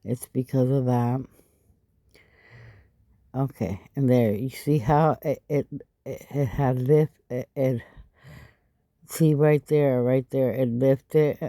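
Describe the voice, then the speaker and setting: A woman talks through a craft tutorial in a raspy, low, tired voice that sounds a little stuffy. Her tone is mellow and dark, and she takes her time, chatting and adding asides between steps. The recording is dry, with almost no room sound. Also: fairly even intonation, slow, long pauses, no room sound. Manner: chatty, explaining step by step with frequent asides. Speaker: craft channel host.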